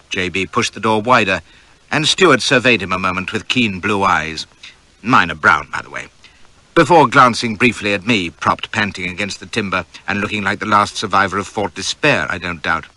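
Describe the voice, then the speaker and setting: A man's voice: low voice, lively intonation, normal speed, sharp tone, no room sound. A man reading a novel aloud in first person, with wry, vivid, swaggering storytelling. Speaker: audiobook narrator.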